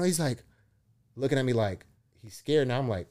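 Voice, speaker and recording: A man's voice: mid-range voice, normal speed. A middle-aged man, a motivational speaker, chatting casually on a podcast, acting out dialogue in his stories and swearing freely. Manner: animated storyteller who acts out dialogue, swears freely.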